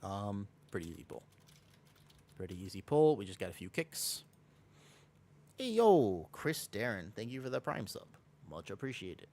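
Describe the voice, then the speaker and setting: A man's voice: lowish voice, sing-song, normal speed, pauses often, darkish tone. A man streaming a game and chatting casually with viewers while playing. He rambles and corrects himself often, and he has a sore throat and feels slightly sick. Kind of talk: casual livestream chat while gaming.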